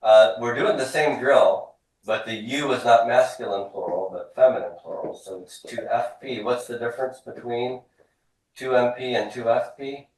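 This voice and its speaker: A man's voice: mid-range voice, moderate pace, a little mellow. A man teaching a classroom language drill, upbeat and laughing often as he checks answers with his students. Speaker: Hebrew teacher. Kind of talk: classroom drill, call and response. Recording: echoey classroom from a distance.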